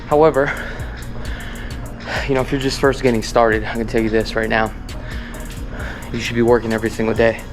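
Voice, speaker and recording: A man's voice: mid-range voice, flat delivery, brisk, long pauses, music in the background. A man, a real estate agent vlogging in a loose, rambling, motivational way. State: out of breath while walking. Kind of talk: casual vlog talk to camera.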